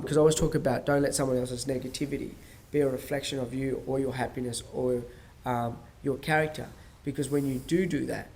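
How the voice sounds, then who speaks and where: A man's voice: mid-range voice, gravelly, a little mellow, a little hiss or hum. A man hosting a podcast, talking casually in a rambling way, full of fillers and restarts, and acting out dialogue as he tells stories. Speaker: podcast host. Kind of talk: casual monologue.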